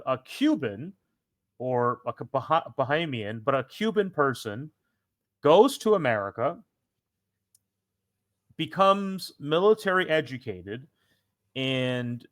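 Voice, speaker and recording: A man's voice: mid-range voice, a bit bright, dry recording, studio quality. A young man co-hosting a casual history podcast, a former teacher who rambles with many restarts and self-corrections. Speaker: podcast co-host.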